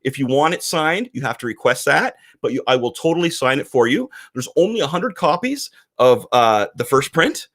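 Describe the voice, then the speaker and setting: A man's voice: medium pitch, very animated, moderate pace, few pauses, fairly bright tone. A man co-hosting a casual podcast, talking animatedly and acting out quoted voices. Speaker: podcast co-host, comic publisher.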